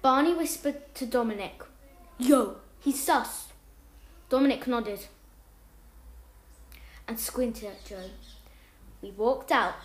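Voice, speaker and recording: A woman reading a homemade story aloud, animated, jumping up in pitch and loudness whenever a character speaks. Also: takes it slowly, long pauses, echoey room.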